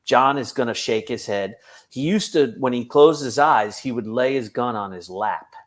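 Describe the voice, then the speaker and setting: A man, a police officer, telling a funny work story on a podcast, animated and laughing through it. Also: medium pitch, moderate pace.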